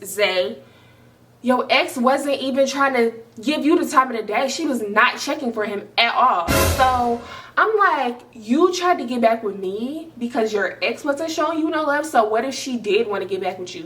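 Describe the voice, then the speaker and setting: A woman in her twenties tells a casual storytime to viewers, animated and slangy, swearing often as she talks straight to the camera. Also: a little high, far from the mic. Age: 20s. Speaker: storytime vlogger.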